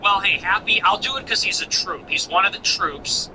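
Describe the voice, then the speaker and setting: Male host, mocking and sarcastic, lively higher voice, noisy recording. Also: moderate pace. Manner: sarcastic, mocking, swings pitch for effect. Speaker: show host. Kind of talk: casual livestream chat reading donations.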